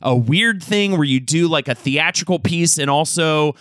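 Bright, animated joking man. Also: on the high side, moderate pace, dry recording. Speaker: podcast co-host. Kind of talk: casual comedic chat.

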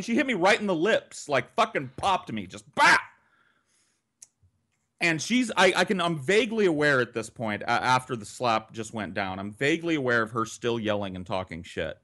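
A man telling a wild story on a podcast, casual, profane and vivid, with an animated delivery. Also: medium pitch.

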